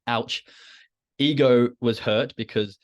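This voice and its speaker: A man's voice: medium pitch, steady tone, slow, muffled recording. A man hosting a podcast, talking candidly and self-critically to a live chat, often repeating phrases for emphasis. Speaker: trading podcast host. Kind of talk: reflective solo talk to a live chat.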